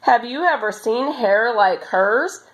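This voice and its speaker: A woman's voice: fairly high pitch, expressive, slow pace, voice pushed up, rough recording. A woman voicing a mocking, strong older boy who bullies, speaking in a taunting, sneering way in a storybook reading.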